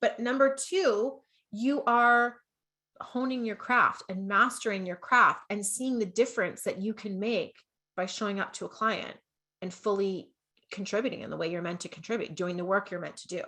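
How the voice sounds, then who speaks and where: A woman's voice: medium pitch, fairly bright tone. A woman with a Canadian accent teaching an online business masterclass, chatty and upbeat, often laughing at herself and checking in with "okay?". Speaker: business coach.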